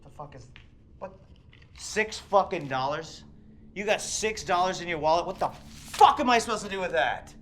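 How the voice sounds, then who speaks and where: Brief: man as a profane, unstable armed intruder, wild pitch swings, faint noise behind. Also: lively intonation, normal speed. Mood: contemptuous. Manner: profane, swings from muttering to shouting. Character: volatile armed male home invader, menacing. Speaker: actor. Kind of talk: film dialogue.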